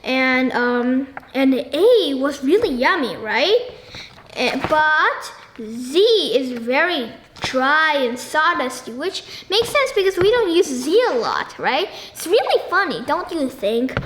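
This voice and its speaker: High-voiced woman in an echoey room. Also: lively intonation, a bit bright. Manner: halting, searching for words with many ums and restarts; asks the listener frequent questions. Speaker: book discussion host. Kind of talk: casual book discussion with questions to listeners. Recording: echoey room with faint noise.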